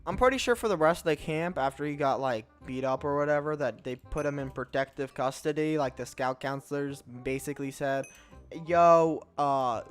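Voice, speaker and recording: A man's voice: mid-range voice, a little fast, hardly any pauses, soft background music. A young man casually telling a personal story over gameplay, chatty and sarcastic, often restarting words and acting out what people said. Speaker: storytelling gaming channel host.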